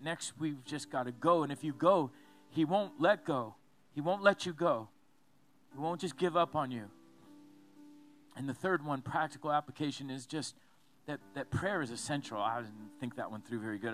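A man preaching a sermon as a pastor, telling a story with lively asides and repeated phrases. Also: a little high.

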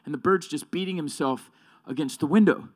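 A man's voice: a little high, fairly quick. A man preaching a sermon with emphatic delivery, often repeating and correcting himself.

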